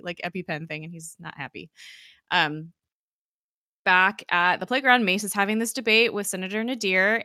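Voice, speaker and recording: A woman hosting a casual recap chat, talking fast, laughing often and quoting lines as she goes. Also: fairly low pitch, pushed and bright, dry recording, studio quality. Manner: chatty, laughs often, acts out lines in quick quotes. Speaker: podcast host recapping an episode.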